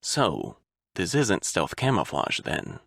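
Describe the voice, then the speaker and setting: A man's voice: very animated, slow, fairly bright tone, no room sound, clean studio sound, heavily acted. A man voicing a grim, hardened male soldier who speaks bluntly and tersely for an audiobook. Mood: gruff. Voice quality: gravelly, low. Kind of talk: audiobook character voice.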